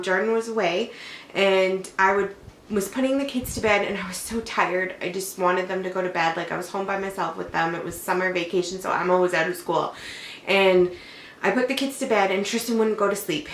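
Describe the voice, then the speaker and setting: A woman's voice: medium pitch, a bit bright. A young adult woman and mother, chatting casually at home as she rambles through a personal story, full of "like". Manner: chatty, rambling, heavy use of "like". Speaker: mother and vlogger. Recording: echoey room, faint background hum.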